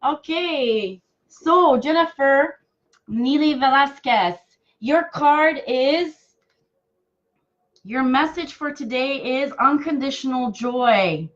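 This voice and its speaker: A woman giving live card readings to viewers, affectionate and halting, with many fillers and restarts. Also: high-pitched, dull audio. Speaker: intuitive card reader.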